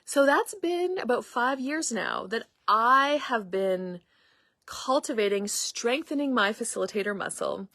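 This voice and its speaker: Middle-aged woman host, higher-pitched, rambling casual monologue, close and dry. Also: animated, a little slow, fairly bright tone, no room sound. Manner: chatty, meandering, acts out quoted dialogue. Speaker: podcast host and facilitator.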